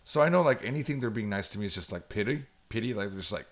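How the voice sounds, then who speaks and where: A middle-aged podcast co-host tells an animated story at a very fast clip during casual chat, putting on high voices whenever he quotes people.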